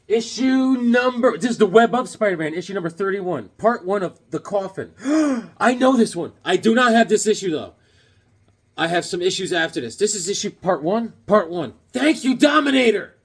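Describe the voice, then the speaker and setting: A man chatting casually as he unboxes comics, excitable and gushing, cracking jokes as he goes. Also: sits high, husky. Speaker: comic collector vlogger.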